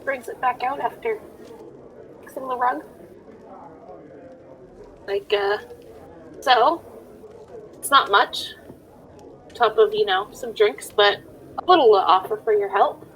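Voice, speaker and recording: A woman's voice: a little high, slow pace, long pauses, low-quality recording. A woman player describing her character's actions, casual and a bit hesitant.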